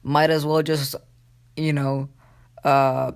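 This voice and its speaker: A man's voice: fairly high pitch, little pitch movement, slow pace, creaky, clean tone. A man voicing a panicked young female ninja who sounds resigned.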